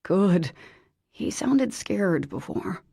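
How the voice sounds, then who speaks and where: Woman voicing a weary worried father, gravelly. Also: medium pitch, very animated, extremely slow, dark tone, no echo, clean studio sound, heavily acted. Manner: weary, sighing.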